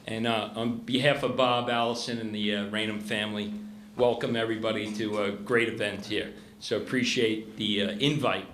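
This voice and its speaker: A golf course superintendent giving a casual, chatty roast speech at a retirement party. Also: male voice, fairly low pitch, fairly even intonation, moderate pace, fairly bright tone. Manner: chatty, lots of fillers and "you know what I mean". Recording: echoey room with faint noise.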